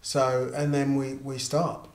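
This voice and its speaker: A man's voice: mid-range voice, slow pace. A middle-aged man telling an anecdote in an interview, acting out the voices of the people in it. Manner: animated, acts out quoted voices. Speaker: interviewed musician and artist manager. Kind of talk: casual anecdotal storytelling. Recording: roomy echo, faint background noise.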